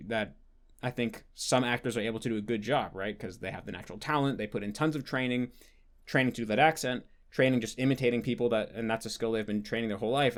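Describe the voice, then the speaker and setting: American man rambling through a Q&A. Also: on the low side. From United States. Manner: thinking aloud, frequent fillers and restarts. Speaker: host answering patron questions. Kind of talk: casual Q&A monologue.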